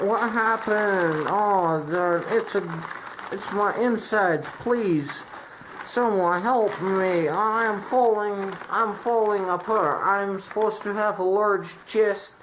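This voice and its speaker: A woman's voice: mid-range voice, noisy background, close to an everyday voice. A woman voicing a whiny male steel magnate who is stuffed with newspapers, pleading in stiff, formal sentences. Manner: whiny, pleading, stilted speech without contractions. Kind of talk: absurd comedy voice acting.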